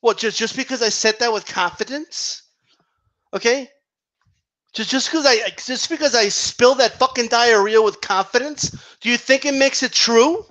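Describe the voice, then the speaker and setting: High, bright-voiced man ranting. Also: moderate pace. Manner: heated, profane, repeats himself for emphasis. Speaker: boxing commentator. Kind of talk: casual ranting monologue.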